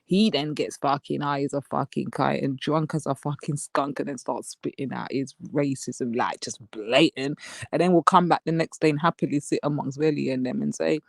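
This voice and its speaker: A woman's voice: deep voice, steady tone, normal speed, vocal fry, no echo, studio quality. A young woman hosting a live stream, gossiping with lots of swearing and frequent laughter, and mimicking the people she talks about. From England. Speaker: livestream host. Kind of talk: casual live-stream commentary.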